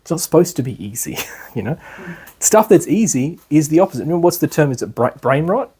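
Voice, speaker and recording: A man's voice: fairly high pitch, animated, a little fast, darkish tone, slightly rough. A man giving a class as an instructor, talking loosely with many fillers and restarts. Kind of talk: lecture.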